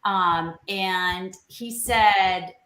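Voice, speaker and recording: Woman co-host, animated storyteller who acts out dialogue; bright, sharp tone, echoey room. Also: mid-range voice, very slow. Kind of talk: casual storytelling. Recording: roomy echo.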